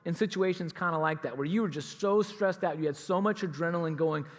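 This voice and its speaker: A man's voice: a little high, a little fast. A man telling a story in a sermon as a pastor, acting out both sides of a conversation. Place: church sanctuary. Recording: church hall reverb.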